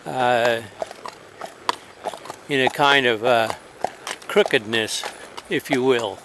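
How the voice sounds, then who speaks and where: Against a noisy background, a medium-pitched man talks slowly outdoors for his casual spoken travel diary while journeying on horseback. His delivery rambles, hesitates, and carries a wry edge.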